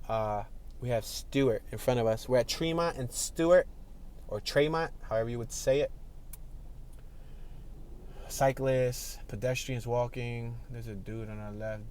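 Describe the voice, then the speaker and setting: A man's voice: mid-range voice, darkish tone. Chatty man narrating a city drive. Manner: chatty, laughs often, talks to people outside the car. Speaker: driving tour vlogger. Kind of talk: casual running commentary while driving. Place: inside a car in city traffic.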